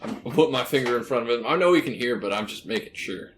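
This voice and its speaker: Player, mid-pitched man, easygoing chat, faint music behind. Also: animated, quick pace. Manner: casual, describes his character's actions. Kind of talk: casual game chat.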